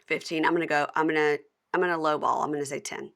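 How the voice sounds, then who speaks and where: A woman's voice: deep voice, steady tone, fast, a bit bright. A woman hosting a podcast, recapping reality TV in gossipy, swearing casual chat. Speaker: podcast host.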